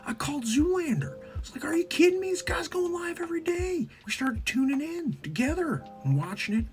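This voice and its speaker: A man doing an impression of an excitable male celebrity, breathy and half-whispered in amazement. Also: extremely high pitch, a little fast, soft background music, voice pushed up, full character voice. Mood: amazed.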